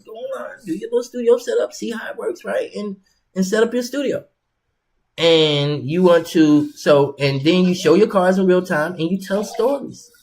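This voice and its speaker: A man hosts his own show in a casual instructional monologue, his high voice lively in intonation, a little slow and a little mellow. He rambles conversationally, repeating words and dropping slang.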